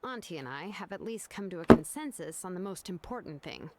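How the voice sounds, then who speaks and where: A woman's voice: on the low side, lively intonation, fairly quick, a loud crowd. An actress voicing an easygoing adult woman artisan in a video game, talking casually.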